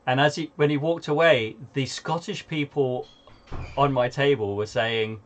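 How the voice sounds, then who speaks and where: A man with a mixed Northern English accent, worn smooth by years down south and touched with Australian twang. He talks casually at a middling pitch. His voice often drops off quietly at the ends of thoughts. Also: fairly even intonation, unhurried, slight background noise. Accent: mixed Northern English with some Australian twang. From UK, Manchester. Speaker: player. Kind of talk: casual chat.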